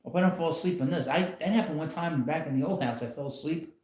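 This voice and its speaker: A man's voice: fairly high pitch, fast, a little mellow, reverberant. A man hosting a casual live stream from home, talking in a rambling, blunt way with frequent chuckles. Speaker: channel host. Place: home, in a rocking chair.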